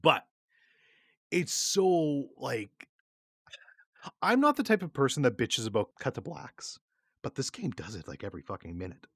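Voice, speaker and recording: A man's voice: medium pitch, sing-song, moderate pace, long pauses, fairly bright tone, husky, no room sound, clean studio sound. A man co-hosting a casual podcast, rambling and swearing often, with frequent laughs. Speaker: podcast co-host. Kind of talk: casual chat.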